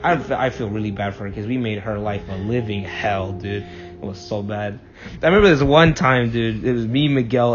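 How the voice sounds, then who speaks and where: A young man telling profane, rambling anecdotes in a casual chat with a friend. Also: medium pitch. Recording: dull lo-fi mic, faint music.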